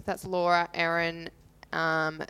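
A young woman, co-hosting a camp radio show and reading shout-outs in an upbeat, friendly way. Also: fairly low pitch, flat delivery, slow, smooth, no echo. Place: small camp radio studio.

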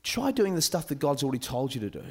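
A man giving a sermon at a youth camp, animated and joking with his listeners. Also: fairly high pitch, fast talker, breathy edge. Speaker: camp speaker.

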